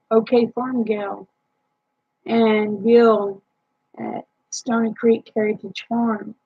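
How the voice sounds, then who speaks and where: A woman's voice: medium pitch, vocal fry, slightly rough, phone-quality sound. A tired woman, rambling chattily to live chat viewers about her homestead with lots of fillers. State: tired, yawning.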